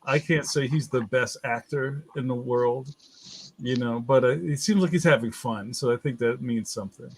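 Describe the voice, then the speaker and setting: A man's voice: mid-range voice, normal speed, breathy edge. A man chatting easily as a guest, laughing along often. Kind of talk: casual chat.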